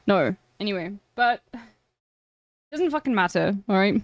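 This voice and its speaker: A woman's voice: on the high side, lively intonation, fast, a bit bright, no echo. A woman streamer chatting frankly with viewers, giving blunt advice and swearing freely. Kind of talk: casual chat with viewers.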